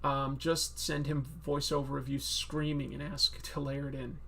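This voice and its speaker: A man's voice: medium pitch, little pitch movement, moderate pace, creaky, a bit bright. A man hosting a casual live-stream Q&A about comics, chatty and rambling with many fillers. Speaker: comic book video host.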